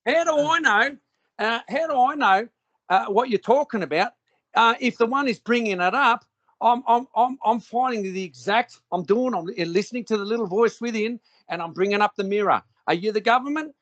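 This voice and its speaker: This man argues on a call with a high, bright voice. He swears constantly and keeps repeating questions back at the other caller, refusing to back down. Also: lively intonation, a little fast. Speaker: call participant. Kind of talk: heated argument on a call.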